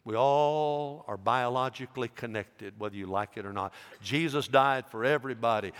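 A man's voice: normal speed, clear, resonant tone. Fervent preacher man in a reverberant hall. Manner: fervent preaching, swelling loud and high on emphasis, dropping low and quiet for asides. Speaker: pastor. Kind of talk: sermon.

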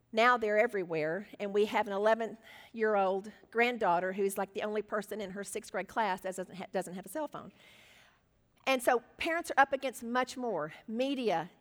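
A woman in her sixties teaching a Bible study, earnest and animated, laughing now and then. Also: mid-range voice, big-room sound.

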